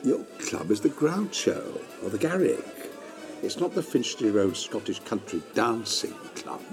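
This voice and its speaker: A man's voice: medium pitch, very animated, a little slow, music in the background. A man playing a pompous older male actor who scolds in a sweeping, theatrical voice. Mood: scolding. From Burnley, England.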